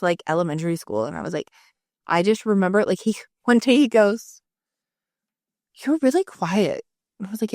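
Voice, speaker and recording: A woman's voice: medium pitch, a little mellow, no room sound, clean studio sound. Chatty, swearing woman podcast co-host. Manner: chatty, swears freely, acts out quoted dialogue. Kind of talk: casual chat.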